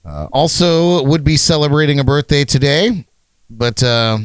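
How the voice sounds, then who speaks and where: A man's voice: a little high, big pitch swings, a little slow, smooth, no echo. Male podcast host, casual chat, rambling, laughs a lot, dry close mic. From United States. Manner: rambling, laughs often, many fillers.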